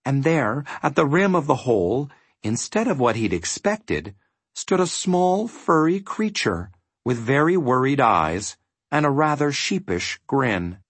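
A man narrating a storybook with an expressive reading. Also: mid-range voice, a little slow, slightly rough, no room sound.

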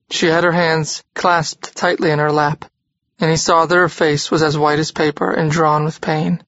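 An audiobook narrator reading a literary novel in a steady, even manner. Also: medium pitch, no room sound, dull audio.

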